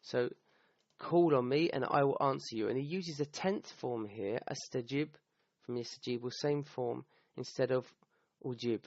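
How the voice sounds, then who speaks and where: A man with a gravelly, mid-pitched voice explains a scripture verse in a relaxed talk. He keeps stopping to restart and checks in with a quick "okay?". The recording is dull and dry, with no room sound. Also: dry recording. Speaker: Quran teacher.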